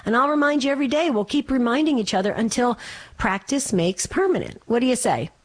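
A woman hosting a call-in radio program and encouraging her callers. Her voice sits a little high, and she often repeats words as she builds up her points. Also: expressive, fairly quick. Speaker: radio call-in show host and life coach.

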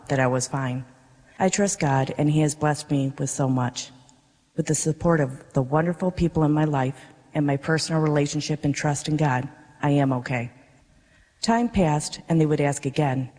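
A woman, a parishioner, reading her personal faith testimony to a congregation in an earnest, measured way. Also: deep voice, warm tone. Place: darkened church worship space. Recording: reverberant worship space.

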